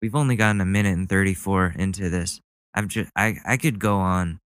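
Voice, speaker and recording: A man's voice: deep voice, fairly even intonation, fairly quick, fairly bright tone, no room sound. A man hosting a podcast, ranting about the news with sarcastic, mocking commentary. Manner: sarcastic, mocking, goes on rants. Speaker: podcast host. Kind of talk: casual comedic commentary.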